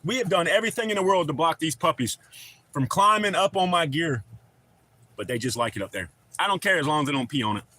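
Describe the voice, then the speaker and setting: Bright-voiced man rambling on a livestream. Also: fairly high pitch, lively intonation, fast talker. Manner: rambling, swears freely, calls viewers brother. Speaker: livestream host. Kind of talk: casual livestream chat, reading chat aloud.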